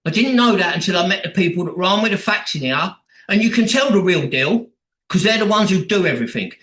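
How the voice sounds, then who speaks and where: A man's voice: high voice, animated, fairly quick, fairly bright tone, roomy sound, poor audio. A man speaking bluntly at a recovery meeting, swearing a lot and acting out the voices of the people he quotes. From England. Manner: blunt and heavily profane, acts out quoted voices.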